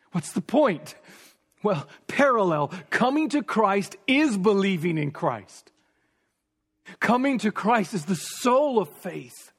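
A man preaching a sermon, emphatic and repetitive, sometimes dropping to a hush for stress. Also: high voice. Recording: long reverb of a large hall.

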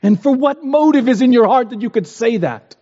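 A man's voice: very high-pitched, lively intonation, brisk, mellow. Man, preacher, sermon, earnest, impassioned, long hall echo, muffled sound. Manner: earnest, rising to impassioned pleas. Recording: dull, roomy hall sound.

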